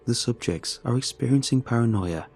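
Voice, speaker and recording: A man voices the male lead of a horror story, a cold, authoritative, composed doctor. His medium-pitched voice is expressive and a little mellow, at a moderate pace and close to an everyday voice, with faint music behind.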